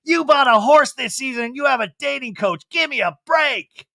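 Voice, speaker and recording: A man's voice: very high-pitched, lively intonation, moderate pace, vocal fry, pushed and bright, dry recording, voice pushed up, heavily acted. A man impersonating a dramatic, defensive middle-aged woman reality star, huffy and indignant as she rattles off grievances.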